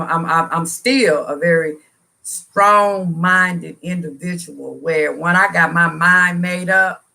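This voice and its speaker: A woman's voice: fairly low pitch, vocal fry, bright, forceful tone. A woman hosting a casual livestream, talking earnestly in a preachy, slangy way and repeating phrases for emphasis. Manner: colloquial, slangy talk. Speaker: livestream host answering viewers. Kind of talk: casual live chat, motivational testimony.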